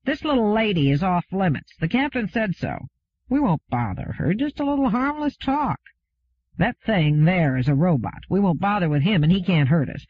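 A man doing a sneering, husky brute of a crewman. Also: high-pitched, dry recording, heavily acted. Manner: sneering, threatening, growling. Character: brutish menacing male spaceship crewman. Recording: phone-like narrow sound.

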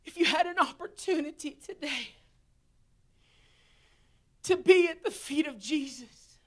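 A woman preacher with a very high voice delivers an emotional altar-call sermon in a church. She speaks slowly and deliberately, swinging from tearful, near-shouted pleas down to hushed whispers. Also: expressive. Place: church sanctuary.

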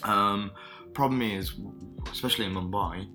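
A man's voice: on the low side, moderate pace, over music. A man co-hosting a podcast, chatting casually in a laid-back, joking way. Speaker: podcast co-host. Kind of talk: casual chat.

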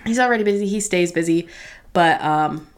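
A woman's voice: lowish voice, moderate pace. A woman with a Midwestern American accent co-hosts a loose, casual podcast chat. She talks in a chatty, joking way, swears freely and laughs often at her own tangents. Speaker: podcast co-host.

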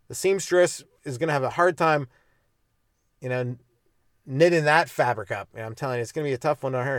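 Young male stand-up, a touch high-pitched, rambles and swears through a solo comedy rant. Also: dry recording, clean studio sound. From Canada. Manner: rambling, swears, acts out little scenes in mock voices. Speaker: podcast host, stand-up comedian.

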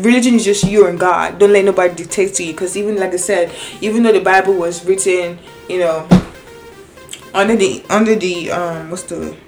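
An excitable young woman chats to her viewers about her own life, and her voice sits a little low. She tells it in an animated way, restarts often and acts out both sides of conversations. Faint music plays behind her. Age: young adult. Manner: animated, excitable, many restarts and quoted dialogue. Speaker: vlogger. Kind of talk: casual personal storytelling to viewers.

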